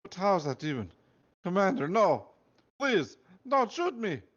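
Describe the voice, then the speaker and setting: A man voicing a panicky underling with a hammy Russian accent, pleading in a high, shrill voice. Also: sing-song, moderate pace. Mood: panicked. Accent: Russian (put-on). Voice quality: shrill, exaggerated comic accent. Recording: dull lo-fi recording.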